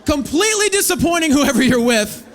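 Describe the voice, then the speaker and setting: A man in his thirties doing a stand-up comedy set on stage, telling stories with animated delivery and acting out other people's voices. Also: very high voice, fairly quick, some chatter behind, slight background noise. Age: 30s. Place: comedy stage before a live audience.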